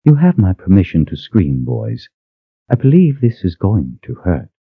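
A man voicing a cold, cruel woman sorceress who speaks with measured, mocking calm in an audiobook. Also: deep voice, breathy edge, dry recording, phone-quality sound, pitched above the performer's own voice, heavily acted. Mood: cold menace.

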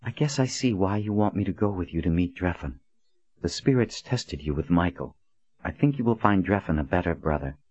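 A stern, composed woman leader in an audiobook, read by a man in a low, calm, clipped voice. The sound is dry and a bit dull. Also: normal speed, husky, no room sound. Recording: dull lo-fi recording.

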